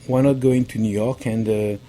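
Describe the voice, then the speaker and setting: Male guest with a thick French accent, dark mellow voice, halting storyteller. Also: mid-range voice, fairly even intonation. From France. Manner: halting, with many fillers and laughs. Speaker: pastry chef guest. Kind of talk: conversational interview.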